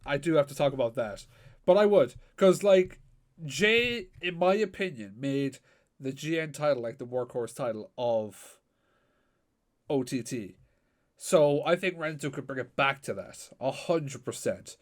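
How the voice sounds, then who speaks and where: A man co-hosting a casual wrestling podcast, animated and sweary with plenty of fillers. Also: mid-range voice, unhurried. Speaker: podcast co-host. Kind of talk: casual chat.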